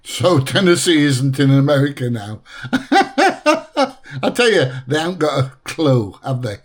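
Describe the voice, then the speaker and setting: A man's voice: mid-range voice, lively intonation, a little slow. A man hosting a reaction video, chatty and blunt with a lot of laughter. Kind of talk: reaction commentary.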